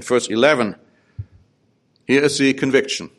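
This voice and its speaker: A man's voice: medium pitch, moderate pace, a bit bright. A man preaching a sermon who reads psalms aloud and explains them, with his voice rising on the pleas. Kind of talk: sermon with scripture reading.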